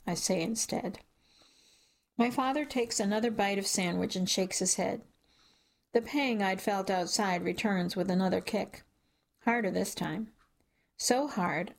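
A woman reading a first-person novel aloud in a measured, wry storytelling manner. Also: medium pitch, creaky. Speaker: audiobook narrator. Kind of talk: first-person audiobook narration.

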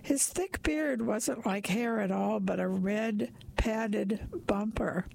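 A woman narrating a story aloud in a wry, deadpan manner. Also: medium pitch, takes it slowly, vocal fry. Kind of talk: storytelling reading.

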